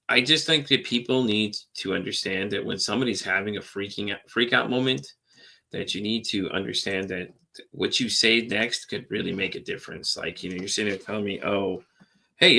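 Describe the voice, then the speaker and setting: A man's voice: fairly low pitch, moderate pace, creaky, pushed and bright. A man hosting a podcast, talking candidly and at length in a rambling, repetitive way with casual swearing. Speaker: podcast host. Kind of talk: candid personal monologue.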